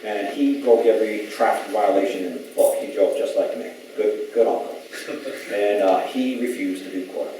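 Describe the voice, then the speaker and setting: A man's voice: on the low side, normal speed, mellow, recorded from a distance, slight background noise. Man telling stories in an echoey hall. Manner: rambling storyteller who acts out quoted voices. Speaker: public speaker at a gathering. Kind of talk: informal talk to an audience. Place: large echoey room.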